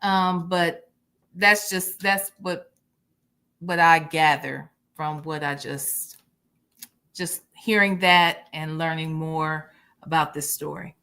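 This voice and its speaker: A woman host reflects on what she has just heard, speaking very slowly and carefully. Her voice sits somewhat low, and she pauses and restarts now and then. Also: steady tone, sharp tone, clean tone. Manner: measured, thoughtful, halting. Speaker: reaction show host. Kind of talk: reflective commentary.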